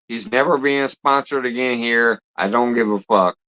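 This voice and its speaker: A man's voice: mid-range voice, moderate pace, few pauses, sharp tone, dull audio. A man hosting a live stream who talks to his viewers bluntly and swears heavily as he scolds them. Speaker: livestream host of a fishing channel.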